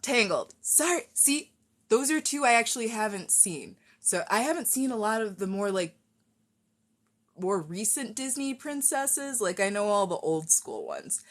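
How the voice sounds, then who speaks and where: Slow, rambling woman chatting on a live stream. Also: medium pitch, expressive. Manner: rambling, chatty, self-deprecating. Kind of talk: casual live-stream chat. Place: at home, fixing a wig on stream.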